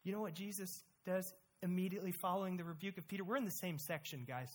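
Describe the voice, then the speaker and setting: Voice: medium pitch, steady tone, fast talker. Emphatic preacher with rhetorical questions. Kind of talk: sermon.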